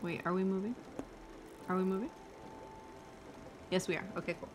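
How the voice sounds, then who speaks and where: A young woman playing a game on stream, excitable and foul-mouthed, gasping and exclaiming as she goes. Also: medium pitch, moderate pace. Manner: excitable, swears freely, gasps and exclaims. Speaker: gaming streamer. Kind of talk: casual gameplay commentary. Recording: game music loud behind voice. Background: game music.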